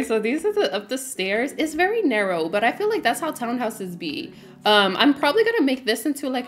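A woman livestreaming a game, chatting casually, with lots of fillers, frequent laughs and greetings to her viewers. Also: a little high. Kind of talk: casual livestream chat while playing.

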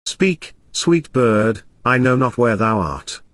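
A man's voice: mid-range voice, animated, slow pace, fairly bright tone, dry recording, studio quality. A man reading the part of a foolish, lovesick young parish clerk, pleading with flowery endearments. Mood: wooing.

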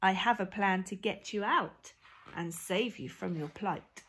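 A woman voicing a band of excitable, pants-mad little aliens in a storybook reading, with squealing, gleeful lines. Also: mid-range voice, a little slow, slightly rough. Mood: eager.

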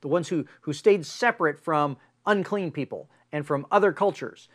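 Male pastor preaching, animated storyteller, higher-pitched voice. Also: moderate pace. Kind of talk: sermon.

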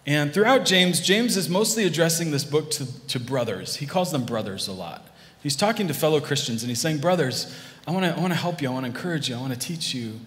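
Male pastor, conversational preaching with restarts, slightly high voice, reverberant sanctuary sound. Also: a bit bright. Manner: conversational, with many restarts and asides to the congregation. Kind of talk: sermon. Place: church hall. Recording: long hall reverb.

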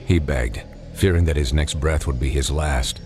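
Very deep-voiced man narrating a dark tale. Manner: dark, measured storytelling. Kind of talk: dramatic audiobook narration. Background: music.

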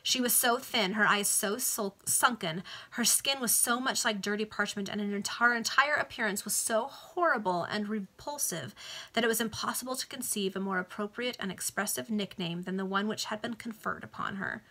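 A woman's voice: mid-range voice, moderate pace, pushed and bright. A woman casually reading a classic novel aloud over a video call, stopping to explain the text in chatty asides. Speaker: reader.

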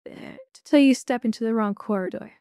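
Female player in character, warm, firm measured delivery. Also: fairly high pitch, no echo, studio quality. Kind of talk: in-character tabletop play.

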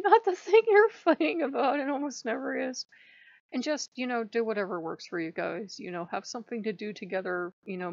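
A woman hosting her own channel in casual vlog chat, rambling and laughing often, with a creaky voice on a dull lo-fi recording. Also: medium pitch, no room sound. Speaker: channel host. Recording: dull lo-fi sound.

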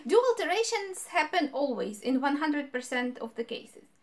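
A woman's voice: sits high, big pitch swings, normal speed. A woman giving a grammar lesson, explaining patiently and repeating example words. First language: Ukrainian. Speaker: language teacher.

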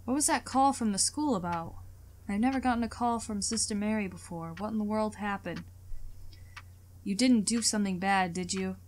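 A woman voicing a tired, worried middle-aged father in a game, speaking gently and questioningly. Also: normal speed, a little hiss or hum, close to an everyday voice. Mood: concerned. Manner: gentle, questioning, low-key. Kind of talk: game dialogue read aloud.

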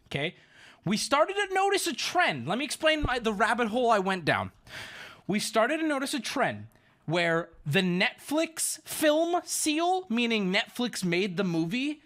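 A man's voice: high voice, a bit bright. A man streaming live, ranting sarcastically and swearing often as he talks to chat. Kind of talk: casual livestream chat.

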